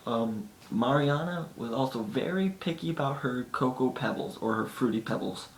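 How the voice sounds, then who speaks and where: A man's voice: lively intonation, moderate pace, few pauses. A man telling casual stories to the camera in a chatty way, sometimes acting out his friends' lines. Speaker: vlogger. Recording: echoey room with faint rumble.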